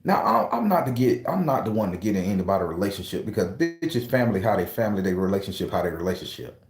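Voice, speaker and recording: A man's voice: lowish voice, very animated, fast talker, echoey room. A man casually telling a story to his viewers, profane and emphatic, speaking straight to his audience. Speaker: tarot reader and channel host.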